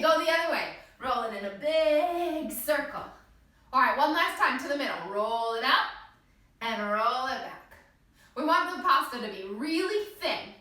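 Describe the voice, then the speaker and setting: A kids yoga teacher guides a class with pretend play, her high, bright voice swooping in a playful, sing-song, encouraging way as she cheers the children on. She sounds a few steps away from the mic in a strongly echoing room.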